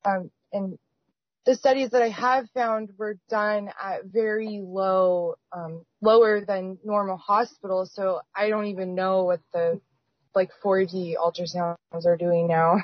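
A woman's voice: mid-range voice, steady tone, measured pace, no room sound. A woman as a podcast guest, chiming in tentatively with fillers. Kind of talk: casual podcast interview. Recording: dull lo-fi sound.

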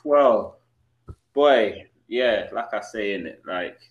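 A man's voice: on the low side, animated, slow pace, highs cut off. A man joining the chat with brief reactions and questions. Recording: roomy, echoey sound.

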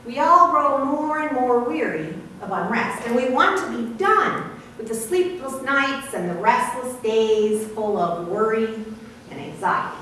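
A woman pastor giving a sermon in a measured, explaining way with light asides, in a church sanctuary. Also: on the high side, animated, pushed and bright, a little hiss or hum. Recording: echoey hall from far off.

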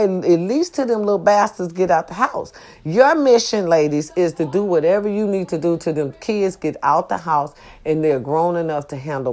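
A woman's voice: mid-range voice, darkish tone. Profane, preachy middle-aged woman vlogger. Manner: profane, emphatic and preachy, addresses viewers directly. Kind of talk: casual venting monologue.

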